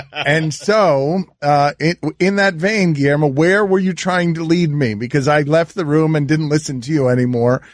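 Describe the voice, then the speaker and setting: Teasing, incredulous sports radio host. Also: male voice, fairly high pitch, no room sound, studio quality. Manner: incredulous, teasing, halting restarts.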